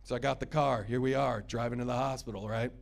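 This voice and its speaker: A man's voice: mid-range voice, fairly even intonation, fast, creaky. A man in his thirties doing a stand-up comedy set, with crude, sarcastic crowd work. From United States. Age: 30s.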